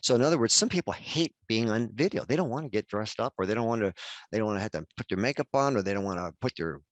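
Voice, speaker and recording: A man's voice: fairly low pitch, no echo. An older man in his sixties presenting a workshop over a video call, chatty and addressing attendees by name. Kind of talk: webinar workshop talk.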